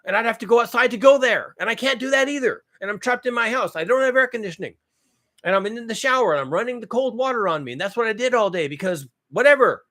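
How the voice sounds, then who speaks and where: Animated and fast, a man hosting his own channel tears into the news with sarcasm and swearing. His delivery swings between low mutters and loud bursts, with phrases repeated for emphasis.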